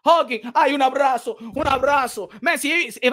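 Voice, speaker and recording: New york guy ranting about boxing, mocking, flips between english and spanish, high bright voice. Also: moderate pace, few pauses. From New York City. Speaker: boxing commentator. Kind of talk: heated rant mixing English and Spanish.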